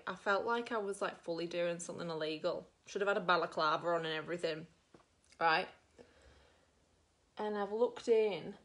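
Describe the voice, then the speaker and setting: Chatty Australian woman, rambling storyteller. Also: lowish voice. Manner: rambling, animated storyteller with lots of filler. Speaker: makeup vlogger. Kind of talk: chatty storytelling while doing makeup.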